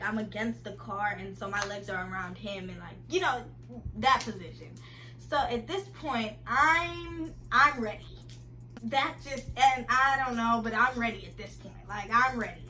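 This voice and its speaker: A young woman with a bright, forceful voice pitched a little high, chatting straight to her viewers. She tells her story in a loose, animated way and keeps breaking into laughter. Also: low-quality recording. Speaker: vlogger. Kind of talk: casual storytime to camera.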